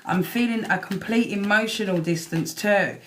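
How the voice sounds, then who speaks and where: A woman's voice: mid-range voice, moderate pace, slight background noise. A woman doing a live-stream tarot reading, chatty and swearing freely as she talks to the cards. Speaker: tarot reader.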